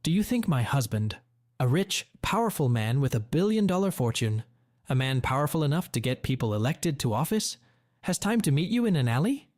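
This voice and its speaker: A man's voice: mid-range voice, very animated, fairly quick, a little mellow, dry recording, lightly acted. A man voicing a bitter middle-aged woman who is cold and defensive, asking curt, cutting questions in a dry, close read. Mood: cold, sharp.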